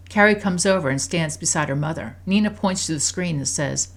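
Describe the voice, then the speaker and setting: Low-voiced woman reading a story. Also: fairly quick, few pauses. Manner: calm, even storytelling delivery. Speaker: storyteller narrating a life-sim game story. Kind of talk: scripted narration.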